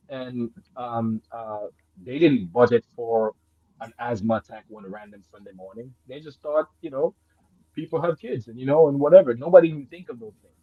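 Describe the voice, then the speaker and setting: Here a guest who grew up in Jamaica recounts a story casually, his slightly breathy voice rising into loud, eager bursts and dropping to murmurs, punctuated by frequent laughs and curses. It sounds like a phone recording with no room sound.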